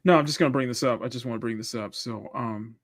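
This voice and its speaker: A man's voice: mid-range voice, quick pace, dry recording. A man hosts a casual live-stream chat in a mid-range voice, often stalling and restarting while he collects his thoughts. The sound is dry and close, with no room around it. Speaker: livestream host.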